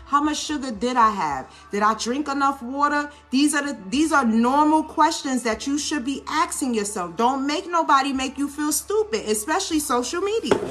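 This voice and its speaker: A woman with a New Orleans accent chatting casually while making a salad in a home kitchen, animated and coaching, often checking in with her viewers. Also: sits high. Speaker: lifestyle vlogger. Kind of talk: casual cooking vlog talk.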